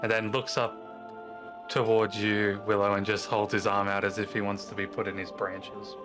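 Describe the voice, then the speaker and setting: Low-voiced man playing a tabletop game. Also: little pitch movement, normal speed, music in the background. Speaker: player. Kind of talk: describing his character's actions.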